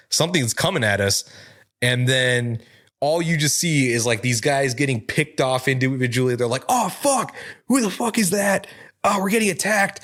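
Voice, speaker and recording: A man's voice: medium pitch, fairly bright tone. A man co-hosting a comic book review podcast, recapping the story in a casual, profane way and quoting its characters in his own voice.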